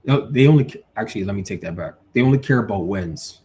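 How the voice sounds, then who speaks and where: A lower-voiced man hosting a live stream in a relaxed, chatty way. He argues hard for his views, gets heated and reads viewer comments aloud. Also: fast talker. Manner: animated, opinionated, reads chat aloud. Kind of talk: casual live boxing talk.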